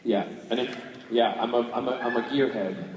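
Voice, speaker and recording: A chatty, playful man fields questions from fans, laughing as he goes. His voice sits in a big, echoey hall and reaches the recorder from a distance. Steady hiss runs underneath. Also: medium pitch, moderate pace. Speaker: convention panel guest. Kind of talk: fan Q&A panel. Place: large convention hall. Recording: echoey hall, picked up from afar.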